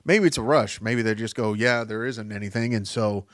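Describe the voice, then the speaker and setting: A man's voice: fairly low pitch, normal speed, no room sound, studio quality. A man hosting a podcast who rambles through tangents, swears freely and jumps his voice up for emphasis. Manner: rambling, profane, jumping between tangents; animated, voice jumping up for emphasis. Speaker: podcast host. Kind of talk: casual rambling monologue.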